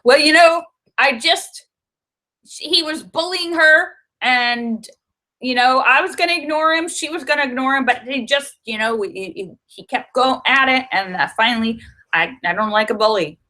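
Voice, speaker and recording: A woman's voice: sits high, moderate pace. Middle-aged lady on a livestream, chatty, acts out what people said. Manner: chatty storytelling, animated when quoting people. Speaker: livestream host. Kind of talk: casual livestream chat. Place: her home in Los Angeles.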